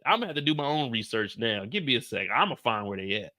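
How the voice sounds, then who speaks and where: Animated, exasperated man streaming to chat. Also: medium pitch, fast talker, few pauses, no echo, studio quality. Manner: animated, exasperated, swears freely, talks to chat. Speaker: show reaction streamer. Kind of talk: casual livestream chat with viewers.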